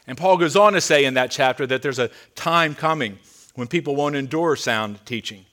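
A man's voice: mid-range voice, moderate pace. Earnest male pastor preaching. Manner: earnest, emphatic preaching with quieter asides. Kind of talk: sermon. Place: church sanctuary.

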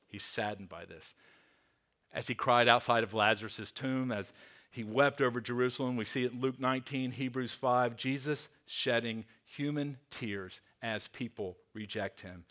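A man, a pastor, preaching a sermon in an earnest way, slowing and dropping soft on key words. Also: fairly low pitch, fairly even intonation. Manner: earnest, slows and drops softly on key words; repeats words while restarting.

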